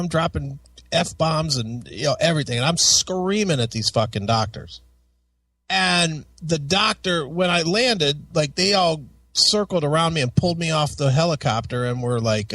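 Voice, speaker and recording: A man's voice: fairly high pitch, a bit bright, no room sound, distant mic. A male podcast co-host in casual chat, talking bluntly and swearing heavily.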